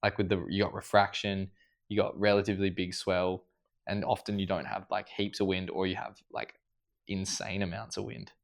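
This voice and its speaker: Low-voiced podcast host. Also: male voice, level tone, moderate pace, creaky. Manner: eager, rambling questions with many fillers. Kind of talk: casual interview chat. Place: living room of a house at night.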